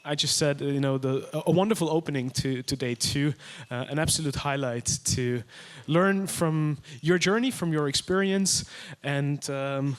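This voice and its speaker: A man's voice: on the high side, normal speed, hardly any pauses, smooth. A man introducing a speaker on a conference stage, formal but hesitant with fillers. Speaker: event host.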